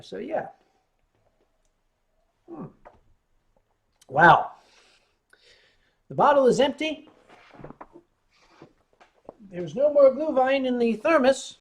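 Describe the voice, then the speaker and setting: An American man hosting a casual livestream, telling rambling stories with frequent stammered restarts. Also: extremely high pitch. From United States. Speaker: livestream host.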